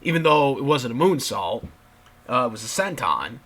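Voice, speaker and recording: With a mid-range, fairly bright voice, this young channel commentator launches into a very animated rant about wrestling at a normal speed. It's casual and exasperated, full of swearing and frequent restarts.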